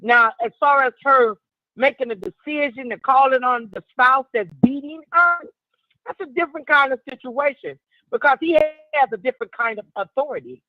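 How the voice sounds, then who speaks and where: Woman calling in to a radio talk show over a dull phone line. She talks in a measured, reflective way, and her voice comes through dry. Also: high-pitched, no room sound. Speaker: caller. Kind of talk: call-in radio commentary.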